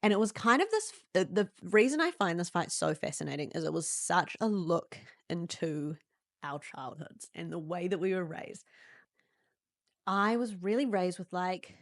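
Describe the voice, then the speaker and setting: A young New Zealand woman hosting a podcast, telling a personal story candidly and acting out quoted lines in sudden high voices. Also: lively intonation, normal speed, no echo, studio quality. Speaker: podcast host.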